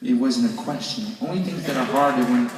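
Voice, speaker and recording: A man's voice: medium pitch, brisk, recorded from a distance, a little hiss or hum. A man casually joking with an audience and answering their questions from a stage, loose and rambling with many restarts. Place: concert hall stage with audience. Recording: echoey live hall from afar, loud crowd.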